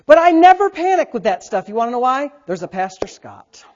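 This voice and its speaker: A man preaching a sermon as pastor, swinging between loud bursts and quiet asides. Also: extremely high pitch, sing-song, brisk. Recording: dull lo-fi sound.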